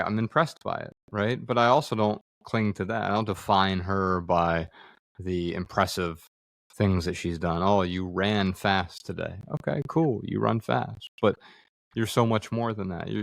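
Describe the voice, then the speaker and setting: Low-voiced reflective man, dry sound. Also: vocal fry, no echo. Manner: earnest, acts out quoted dialogue, frequent fillers. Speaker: podcast guest, author. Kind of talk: reflective conversational storytelling. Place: studio room with others present.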